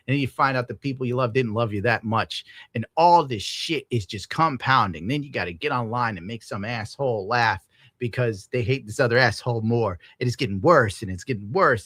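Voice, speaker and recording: Young male streamer, bitter profane rant, sharp bright voice, dry. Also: medium pitch, lively intonation, quick pace, no echo. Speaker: streamer reacting to a clip. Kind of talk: ranting live-stream commentary.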